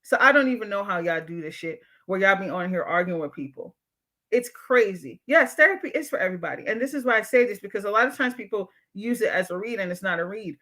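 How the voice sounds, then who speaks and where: A blunt, profane woman hosts a casual livestream and lectures her viewers directly. Her voice is bright and forceful, with an edge that cuts through. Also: medium pitch, animated, quick pace. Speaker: livestream show host and therapist. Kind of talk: casual livestream commentary, reading chat comments.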